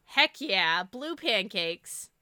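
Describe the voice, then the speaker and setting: A woman co-hosting a casual podcast chat about a TV show, animated and acting out lines from it. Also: medium pitch, drawn-out words, clean tone, no echo, studio quality. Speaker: podcast co-host.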